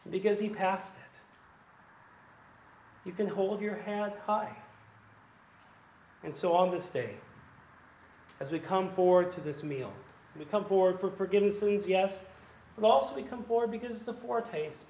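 A man, a pastor, preaching a sermon with emphasis, swinging between hushed and loud delivery. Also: sits high. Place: church sanctuary. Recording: echoey church room.

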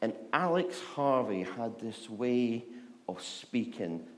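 A man giving a relaxed, conversational sermon in a middle-pitched voice. He jokes with his listeners, then often sinks into a soft, near-hushed delivery. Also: takes it slowly. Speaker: preacher.

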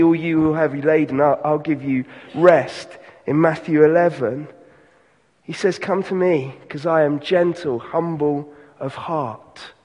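Male pastor, earnest unhurried sermon delivery, bright-ish voice, church reverb. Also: a little high, husky. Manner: earnest preaching, slows and softens on key lines.

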